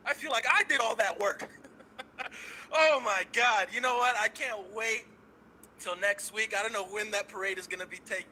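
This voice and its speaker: A man calling into a show, ranting with loud, cocky excitement and swearing. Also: high voice, a little hiss or hum, rough recording. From San Francisco Bay Area. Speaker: caller. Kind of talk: hyped fan call-in rant.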